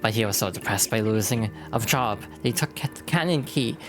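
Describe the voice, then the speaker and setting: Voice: medium pitch, fairly quick, music in the background, natural voice. A streamer voicing Bob-omb townsfolk from a video game with a put-on foreign accent and clipped, broken grammar, reading the dialogue aloud. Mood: stern.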